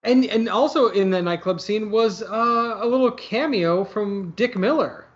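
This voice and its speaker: A man's voice: high-pitched, a little slow. A man chatting casually about a movie, rambling and hedging with lots of fillers. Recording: slightly dull lo-fi audio.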